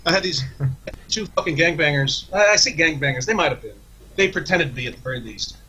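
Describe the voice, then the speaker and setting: Guy on a podcast, kinda high bright voice, swearing a lot, rambling story, restarts constantly. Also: lively intonation, brisk, breathy edge, poor audio. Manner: profane, rambling, with many restarts. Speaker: podcast guest. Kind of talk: casual storytelling.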